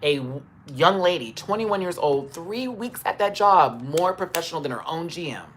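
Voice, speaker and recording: A man's voice: a little high, expressive, normal speed, a bit bright, a little hiss or hum. A man telling a story on a live stream into a phone camera, emphatic and swearing as he retells it in detail. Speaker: livestreamer.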